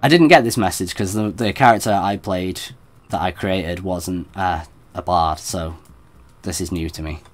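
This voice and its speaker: A man's voice: low-pitched, moderate pace. A man giving chatty, self-deprecating commentary while streaming a game. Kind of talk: let's play commentary.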